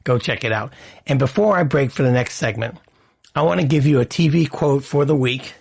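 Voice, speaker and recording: A man's voice: medium pitch, brisk, gravelly, darkish tone, slightly rough. Brief: male podcast host, casual, opinionated rant delivery. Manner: chatty, opinionated, ranting.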